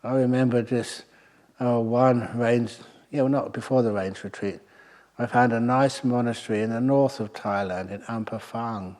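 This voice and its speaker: Male monk, mid-pitched, dry humor, rambling anecdotal delivery to a retreat audience. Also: a little mellow. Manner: wry, anecdotal, pauses with fillers. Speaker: Buddhist monk teaching a meditation retreat. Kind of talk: humorous storytelling dharma talk.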